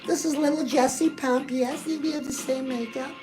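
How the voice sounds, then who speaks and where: A woman's voice: high-pitched, steady tone, moderate pace, close to an everyday voice, low-quality recording. A woman playing a chirpy, pushy lifestyle guru who chats gushingly to the viewer in a comic character monologue. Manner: gushing, chatty, keeps addressing the viewer as girl. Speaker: host. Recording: music playing loudly under the voice. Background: music.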